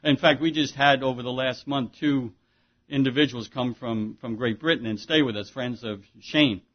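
A man preaching as pastor speaks conversationally in a mid-range voice at a moderate pace, posing rhetorical questions and often restarting. The sermon recording is dull and lo-fi.

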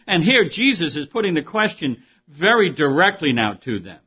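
Male pastor mid-sermon, slightly raspy, earnest delivery that swings from quiet to emphatic; muffled low-fidelity recording. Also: big pitch swings, moderate pace.

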